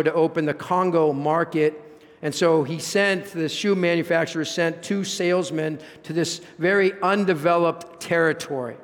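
A man's voice: a little high, long reverb tail. A man preaching a sermon as pastor, emphatic, repeating his points and rising into exclamations. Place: church.

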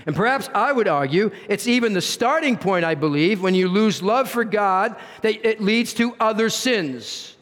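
A man's voice: high-pitched, expressive, normal speed, hardly any pauses, a bit bright. A man preaching a sermon as pastor, earnest, with rhetorical questions and swings in emphasis. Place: church sanctuary. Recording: reverberant church hall.

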